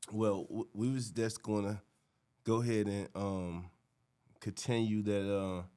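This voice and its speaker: A man's voice: lowish voice, steady tone, slow, darkish tone. A man co-hosting a podcast in casual chat, easygoing and agreeable, often backing up his partner. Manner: easygoing, agreeable, many "yeah" backchannels. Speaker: podcast co-host.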